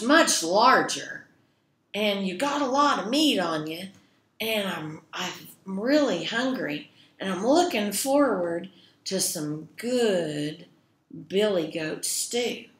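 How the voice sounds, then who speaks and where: A woman voicing a hungry, greedy troll under a bridge, with loud blustering threats. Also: medium pitch, lively intonation, slow pace. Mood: wheedling. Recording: echoey room.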